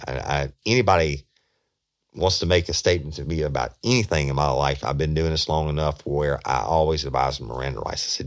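A man's voice: extremely low pitch, fairly even intonation, a little fast, creaky. A middle-aged man, a former investigator telling a true crime story in a casual, profane, rambling way. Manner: profane, repetitive, conversational. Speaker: podcast host and former police investigator.

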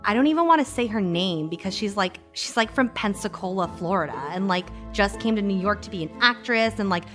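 Fast-talking, defensive young-sounding woman. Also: mid-range voice, animated, fairly bright tone, faint music behind. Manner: defensive, fills every phrase with "like". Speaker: interviewee. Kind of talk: casual chat.

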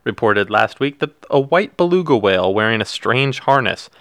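Low-voiced man reading headlines wryly. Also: lively intonation, moderate pace, fairly bright tone, no room sound. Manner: wry, reads headlines aloud with jokey asides. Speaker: podcast co-host. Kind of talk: casual news chat.

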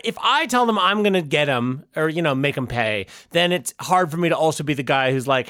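A man's voice: on the high side, moderate pace, few pauses, dry recording, studio quality. Playful man improvising a comic bit. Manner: playful, animated. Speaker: podcast co-host.

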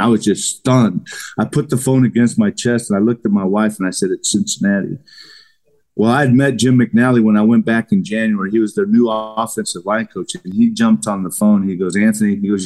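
A middle-aged man, a retired football lineman, telling stories as a podcast guest, acting out quotes as he goes. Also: fairly low pitch. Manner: animated storyteller, acts out quotes. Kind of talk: casual storytelling interview.

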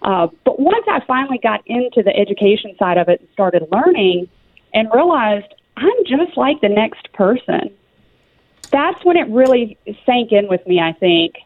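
A woman from Tennessee with a Southern US accent is a guest in a radio interview, speaking earnestly and conversationally. Her voice is fairly high with no echo, heard over a dry, phone-like line.

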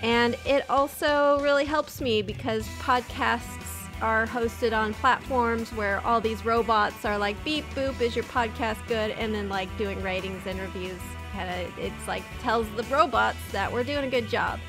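A woman's voice: on the high side, fairly even intonation, unhurried, hardly any pauses, over music. A woman hosting a podcast, wrapping up in a chatty, self-mocking way with a giggle. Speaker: podcast host. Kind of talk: casual podcast outro.

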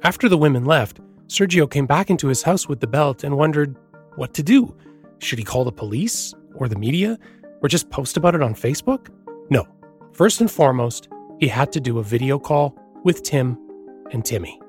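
A man narrating a feature story as a reporter, with a measured storytelling delivery. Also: medium pitch, expressive, a little mellow, faint music behind. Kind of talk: scripted narration.

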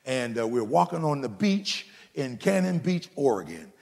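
A man's voice: medium pitch, big pitch swings, normal speed, gravelly, darkish tone, in a large hall. A middle-aged male pastor preaching a sermon, telling playful stories and calling out to the congregation. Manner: folksy preacher, playful storytelling, calls out to the congregation.

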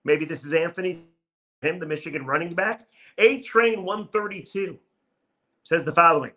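A man's voice: fairly high pitch, normal speed, pushed and bright. A man hosting a solo sports podcast, reading listener comments in a wry, self-mocking way.

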